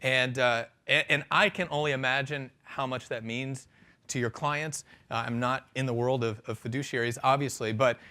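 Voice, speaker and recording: A man delivers a conference keynote in a relaxed, friendly way, often restarting sentences and adding fillers. His voice sits at a middle pitch, and he speaks on a microphone in a conference hall. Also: moderate pace. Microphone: handheld or stand microphone.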